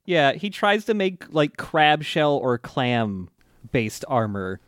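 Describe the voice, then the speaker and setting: A man's voice: on the high side, sing-song, takes it slowly, fairly bright tone, dry recording, clean studio sound. A man co-hosting a podcast, recapping an anime episode in casual, rambling chat, laughing and swearing freely. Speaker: podcast co-host.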